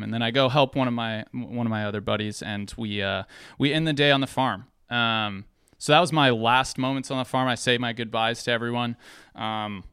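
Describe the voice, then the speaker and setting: Bright, crisp-voiced young man telling a story. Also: mid-range voice, moderate pace, no room sound, studio quality. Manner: lively, acts out quoted voices. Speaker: speaker sharing a personal story. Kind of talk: storytelling talk to an audience.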